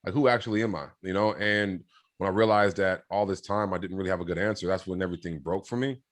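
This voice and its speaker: A man with a deep, low-pitched voice speaks as an interview guest. He tells his story in a relaxed, earnest way, often restarting sentences and leaning on fillers as he thinks aloud. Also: quick pace. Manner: rambling, many fillers and restarts; reflective, earnest. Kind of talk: casual storytelling in conversation.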